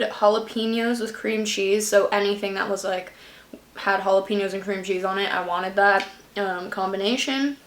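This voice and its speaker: A woman's voice: mid-range voice, reverberant. A young woman vlogging a casual update from home, chatty and rambling with lots of fillers, her nose a bit stuffy. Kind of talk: casual pregnancy update vlog. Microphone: camera at close range under a ring light.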